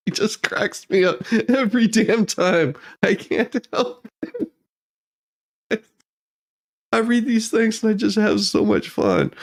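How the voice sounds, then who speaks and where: Male host of a joke news show who can't stop laughing while he reads; unhurried and animated. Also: sits high, vocal fry. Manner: giggly, keeps breaking into laughter while reading. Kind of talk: comedic news commentary.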